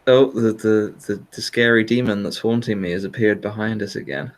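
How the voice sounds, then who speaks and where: A man's voice: lowish voice, steady tone, fairly quick. A man hosting a casual chat, rambling with hesitant fillers and laughing often. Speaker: podcast host.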